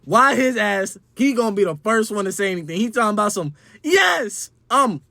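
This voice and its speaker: A man's voice: high voice, expressive, moderate pace, vocal fry, bright, forceful tone, no echo. A young man telling a wild party story in a casual, slangy and profane way. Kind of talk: storytime vlog.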